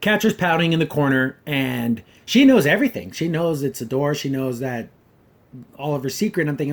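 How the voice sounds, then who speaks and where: A man's voice: a little high, animated, moderate pace. Rambling man reviewing a cartoon. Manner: rambling, hedges often with "kinda" and "like"; wry and critical. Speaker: podcast host reviewing a cartoon episode. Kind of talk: casual spoken review.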